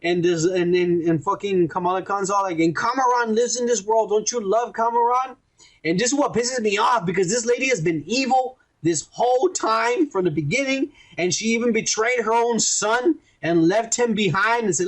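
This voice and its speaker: A man with a fairly high voice talks casually on a podcast where he reviews a TV episode. He rambles and swears through the story in an animated retelling, slipping into quick voices for each character.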